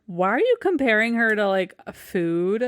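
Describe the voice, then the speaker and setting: A woman co-hosting a podcast, chiming in with quick agreement and frank, sometimes crude remarks. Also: medium pitch, very animated, no echo, studio quality. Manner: reactive, lots of agreeing murmurs and frank remarks. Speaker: podcast co-host. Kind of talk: casual recap chat.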